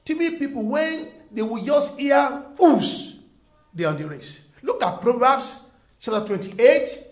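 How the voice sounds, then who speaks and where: Unhurried yet emphatic, a pastor preaches in a strikingly high, animated voice that rises and falls widely. He hammers phrases again and again and poses questions to the congregation, all within the roomy echo of an echoey room.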